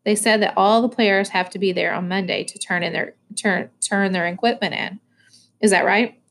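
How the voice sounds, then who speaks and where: A calm, fearless teenage boy from a farm crew, as a woman reading aloud puts him on, speaking plainly and matter-of-factly. His voice sits slightly lower and quieter than the narration. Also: normal speed, vocal fry, a little hiss or hum.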